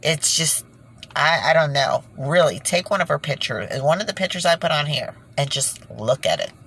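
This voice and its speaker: A woman's voice: low-pitched, expressive, moderate pace, fairly bright tone, breathy edge, low-quality recording. A woman ranting indignantly in a casual monologue to her viewers, breaking off with sighs and nervous laughs. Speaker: vlogger.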